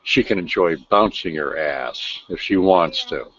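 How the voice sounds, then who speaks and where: Slow, low-voiced stern man. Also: fairly bright tone. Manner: stern, gloating. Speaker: voice chat room owner. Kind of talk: casual voice chat. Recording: dull lo-fi voice chat audio.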